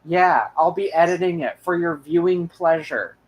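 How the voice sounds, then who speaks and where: Young man, high voice, casual host chat, rambling, lots of fillers and restarts. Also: normal speed, lo-fi sound. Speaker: channel host.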